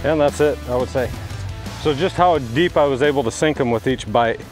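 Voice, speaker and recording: A man presenting a product demonstration outdoors, walking through how a tool works in a steady, explanatory way. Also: medium pitch, moderate pace, over loud music. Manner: steady, explanatory, hands-on walkthrough. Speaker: fence company presenter.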